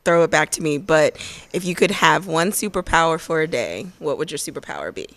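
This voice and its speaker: Female co-host, playful rapid-fire questions, dry close sound. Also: low-pitched, expressive, fairly bright tone, dry recording. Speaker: interview co-host. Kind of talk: casual interview.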